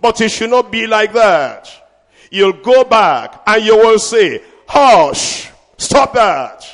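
A man preaching a sermon as pastor, swinging from shouted declarations to hushed asides. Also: high voice, very animated, takes it slowly, big-room sound.

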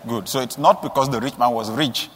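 A male preacher delivering a sermon, telling stories and asking rhetorical questions, with sudden high emphatic rises. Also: fairly quick, fairly bright tone, slightly rough, big-room sound.

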